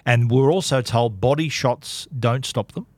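A man's voice: medium pitch, unhurried, darkish tone, no room sound. A man co-hosting a podcast, casually recapping a film's plot. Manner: chatty, recaps plot with quoted lines. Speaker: podcast co-host reviewing a film. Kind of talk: casual chat.

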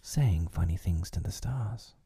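A man voicing a boastful, cunning boy who never grows up, in a breathy, whispered role-play. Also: deep voice, lively intonation, unhurried, warm tone, a little hiss or hum, heavily acted.

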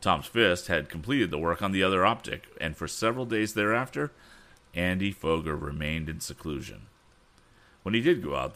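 A man reads an adventure novel aloud in a very low voice that still moves in lively swings. His tone is bright and forward, and he corrects himself when he stumbles over a word. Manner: expressive, corrects his own misreadings. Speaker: audiobook reader.

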